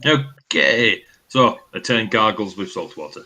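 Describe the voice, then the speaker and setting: Bright-voiced man running a tabletop game. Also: fairly low pitch, expressive, measured pace, poor audio. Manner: loose, swearing storyteller with many fillers. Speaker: dungeon master.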